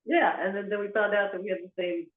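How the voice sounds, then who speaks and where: A man's voice: high-pitched, steady tone, fast talker. A man asking a question on a video call, hesitant and rambling with many restarts. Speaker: caller. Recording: tinny call audio in an echoey room.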